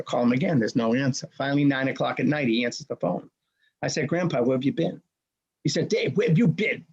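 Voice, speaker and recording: A husky-voiced man in his sixties tells a personal story with punchy timing and acted-out dialogue. The sound is a little dull and lo-fi, like a streamed show. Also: medium pitch. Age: 60s. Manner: punchy, animated retelling with quoted dialogue. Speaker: race director, guest.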